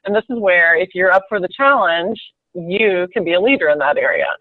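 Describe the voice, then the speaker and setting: A woman's voice: lowish voice, expressive, brisk, no room sound. A woman leading a team conference call, telling a story in a chatty way, with many restarts and fillers. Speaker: sales team leader. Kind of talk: conference call pep talk. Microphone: phone. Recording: tinny dry phone line.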